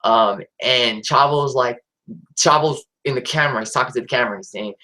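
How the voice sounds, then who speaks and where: A man's voice: mid-range voice, brisk, sharp tone, poor audio. A man hosting his own live stream, talking casually and hesitantly with lots of fillers and restarts. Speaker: channel host.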